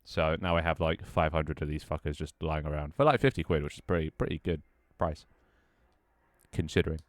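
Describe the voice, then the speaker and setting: Tired low-voiced man streaming. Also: a little fast, no echo, studio quality. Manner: sighing, sweary, offhand chatter. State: tired and out of breath. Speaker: Twitch streamer. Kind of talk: casual livestream chat.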